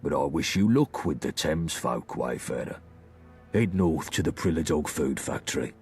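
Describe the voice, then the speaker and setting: An actor playing a sly male London gang leader who speaks in a husky, mocking drawl. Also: rumbling low, lively intonation, moderate pace, a little mellow, soft background music, heavily acted.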